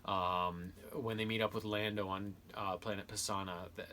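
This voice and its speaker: Bright-toned rambling man reviewing books. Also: lowish voice, little pitch movement, normal speed, slight background noise. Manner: rambling, many fillers and restarts. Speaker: video host reviewing books and games. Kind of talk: casual spoken review.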